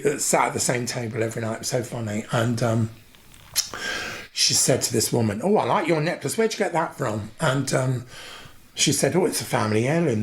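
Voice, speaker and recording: A man, a drag performer, telling animated, camp stories as a guest on a podcast. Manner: animated, camp, mimics his mother in a high voice. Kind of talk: casual interview storytelling.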